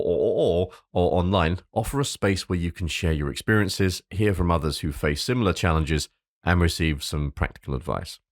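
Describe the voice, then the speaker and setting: Deep-voiced man hosting an advice podcast. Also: no echo, clean studio sound. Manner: reads a prepared script with off-script asides; swears casually. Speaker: podcast host.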